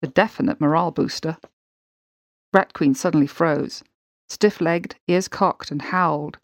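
In audiobook narration, a woman tells a war story steadily and with measured delivery. Her voice sits fairly low, and the recording is close and dry, without any room sound.

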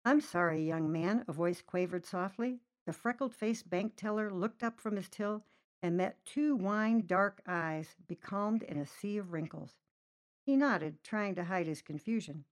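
A woman reading a short story aloud, narrating lively and voicing the characters' lines herself. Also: a little slow. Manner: lively, voices characters with raised pitch. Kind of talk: storybook narration with acted dialogue.

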